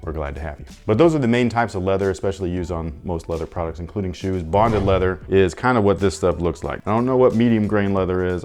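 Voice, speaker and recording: A man's voice: sits low, a little mellow. A man hosting a sneaker review, talking bluntly and casually with rambling asides and mild swearing. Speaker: sneaker reviewer, channel host.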